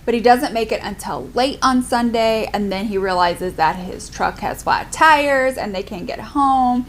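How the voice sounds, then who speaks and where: A woman's voice: a little high, measured pace, a little hiss or hum. A young adult woman chatting casually in a book review vlog, filling her talk with "like". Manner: chatty, lots of "like" fillers. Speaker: book vlogger.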